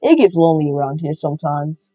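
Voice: medium pitch, expressive, a little fast, mellow, dry recording, voice pushed down, natural voice. Freddy Fazbear, someone doing an easygoing bear. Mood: welcoming. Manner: easygoing, casual. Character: bear animatronic, male, pizzeria owner, welcoming. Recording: slightly muffled with faint music.

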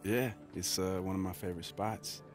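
An actor playing a laid-back young male basketball player in a video game cutscene, relaxed and a bit awkward. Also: low-pitched, normal speed, lightly acted. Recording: music playing behind.

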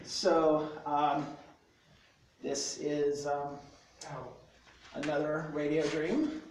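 A woman's voice: deep voice, flat delivery, drawn-out words, darkish tone, a little hiss or hum. A woman reciting spoken word poetry at a small live venue, with rhythmic, emphatic delivery. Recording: very echoey room, mic from far off.

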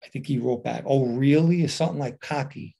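A middle-aged man tells a story from his past in a loose, casual monologue. He switches into the voices of the people he quotes, so his delivery keeps shifting in speed and loudness. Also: medium pitch, quick pace, creaky, slightly rough. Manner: animated retelling with quoted dialogue. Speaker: podcast host telling a personal story.

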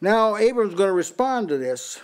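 A man's voice: sits high, very animated, normal speed, clear, resonant tone. An older man preaching in a small house church, often restarting his words and reading out Bible passages in several translations. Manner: repeats words as he restarts, reads and compares many translations. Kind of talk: sermon.

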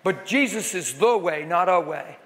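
Middle-aged guy preaching, chatty storytelling, goes quiet then loud, kinda high voice, big echoey hall. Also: lively intonation, moderate pace. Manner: conversational, swings from hushed to loud. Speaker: conference speaker. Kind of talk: storytelling sermon. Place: large conference hall. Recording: echoey hall with long reverb.

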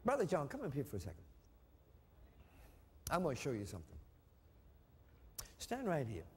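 Man preaching, call-and-response, high voice, echoing church hall. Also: huge pitch swings, moderate pace, a little hiss or hum. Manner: call-and-response preaching, swings from shouting to hushed. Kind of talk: sermon.

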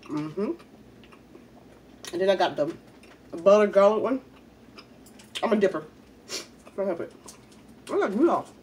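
A woman's voice: medium pitch, unhurried, long pauses, a little mellow, far from the mic, a little hiss or hum. A woman, chatting casually while eating in a mukbang video, a little congested from a head cold. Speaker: mukbang vlogger.

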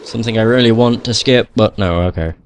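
A man's voice: on the low side, brisk, a little hiss or hum. A young man giving casual gameplay commentary, swearing a lot, grumbling at the game and laughing at himself. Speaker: gamer playing through a video game.

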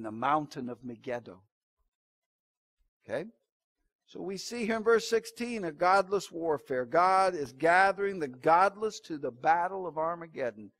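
A pastor giving an evening church sermon, preaching dramatically and swinging between loud emphatic lines and low hushed asides. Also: male voice.

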